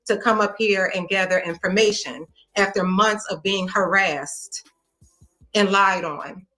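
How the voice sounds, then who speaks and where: A woman speaking as a guest on a livestream, measured and composed while she defends herself. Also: medium pitch, sharp tone, poor audio. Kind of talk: livestream conversation.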